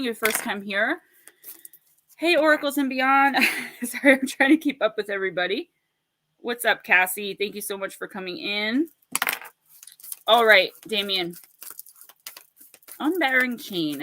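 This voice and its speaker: A woman's voice: fairly high pitch, sharp tone, a little hiss or hum. A woman hosting a casual livestream of oracle card readings, chatty and rambling, laughing often and greeting viewers by name.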